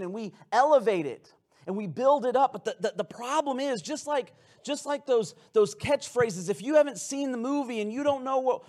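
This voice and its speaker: A pastor giving a conversational, playful sermon in a church, often restarting his sentences. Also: very high voice. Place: church sanctuary with congregation.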